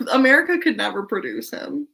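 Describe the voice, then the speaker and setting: A woman's voice: sits high, animated, unhurried, gravelly, a bit bright, slight background noise. A young woman in casual chat, telling an anecdote and laughing as she goes. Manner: storytelling, quotes others in put-on voices, laughs.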